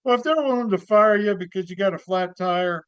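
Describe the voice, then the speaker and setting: A man's voice: sits high, brisk, fairly bright tone, smooth, no room sound, highs cut off. A man playing a quirky, upbeat motivational speaker who gives cheery, rambling life advice as a comedy bit. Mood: cheery preachy.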